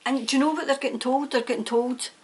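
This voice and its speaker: A woman's voice: high-pitched, fairly even intonation, fast talker, a little hiss or hum. A woman giving a tarot reading to camera, talking emphatically and indignantly and slipping into rants. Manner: emphatic, indignant, prone to ranting. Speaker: tarot reader.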